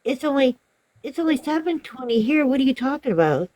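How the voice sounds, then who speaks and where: A woman doing a flustered, high-voiced woman customer. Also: very animated, normal speed, dry recording. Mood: indignant. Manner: high, indignant, protesting. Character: flustered, half-awake woman customer insisting she is right.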